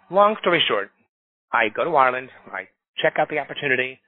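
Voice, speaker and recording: In a casual podcast talk, a middle-aged New York recruiter who leads an association tells animated stories, performing the quotes of others. He has a mid-range voice and speaks a little fast. The audio is dry and tinny, resembling a phone call.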